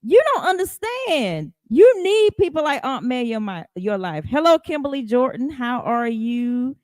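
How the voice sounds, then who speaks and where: A woman hosting a casual podcast, chatty and lively, greeting listeners by name and laughing often. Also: sits high, normal speed, dry recording. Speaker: podcast host. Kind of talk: casual live podcast chat.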